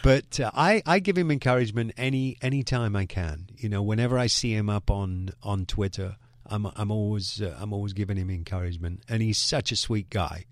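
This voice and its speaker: A middle-aged man chatting as a radio guest in an easygoing, halting way, repeating words and chuckling often. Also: lowish voice, dry recording, clean studio sound. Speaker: guest drummer. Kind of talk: relaxed radio interview chat.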